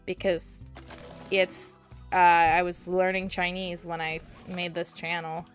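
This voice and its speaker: A woman's voice: lowish voice, flat delivery, slow pace, clear, resonant tone, soft background music. A young woman streaming a video game, chatting casually and rambling, with sudden squeals at the game. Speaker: VTuber streamer. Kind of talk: casual gameplay chat.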